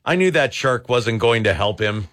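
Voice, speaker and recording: Male radio host, lively pitch, jokey, reads listener jokes and trivia with quick asides. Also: music in the background. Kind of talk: casual radio call-in chat.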